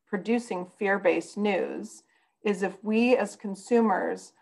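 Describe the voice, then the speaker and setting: Gravelly-voiced woman telling a story. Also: medium pitch, slow, a little mellow, poor audio. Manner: earnest storytelling. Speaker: podcast guest. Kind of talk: casual podcast conversation.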